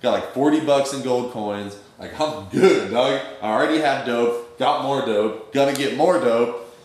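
A man's voice: mid-range voice, unhurried. A young man telling a story in casual, streetwise slang, acting out the quoted dialogue as he goes. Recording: very echoey room.

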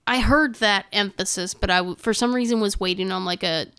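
Woman co-host, casual and animated, with a smooth, clear voice. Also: mid-range voice, a little fast. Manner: chatty, laughs often, animated reactions. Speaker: podcast co-host. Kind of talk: casual chat. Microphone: studio microphone.

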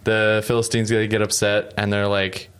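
A man with a very low, smooth, resonant voice chats on a podcast. He rambles through a story with a joking tone, dropping into quick acted-out lines for the characters. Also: monotone, a bit bright. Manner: rambling, jokey, acts out quoted lines. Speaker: podcast co-host. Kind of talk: casual chat retelling a story.

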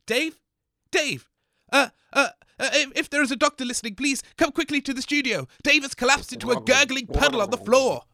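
A man plays a flustered radio co-host in a comedy radio sketch, stammering and exasperated. His high, bright voice swings widely, close and dry. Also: lively intonation, a little fast, gravelly, no echo, heavily acted. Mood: panicked.

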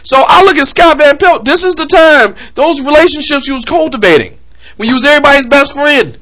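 A man tears into a sports topic on a podcast, voice swinging wide. His tone is bright and edgy. He talks in a heated, comic rant style. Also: very high voice, brisk. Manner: animated, heated ranting. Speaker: podcast host.

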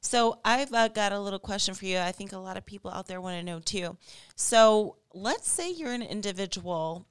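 A woman's voice: mid-range voice, lively intonation, normal speed, smooth, no room sound. A woman co-hosting a podcast, asking long, searching questions in casual chat. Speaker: podcast co-host.

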